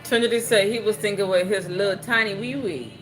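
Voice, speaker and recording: Over music, a young home livestream host speaks briskly at a medium pitch. She's lively and jokey, reading viewer comments, chatting casually, and trying on playful voices.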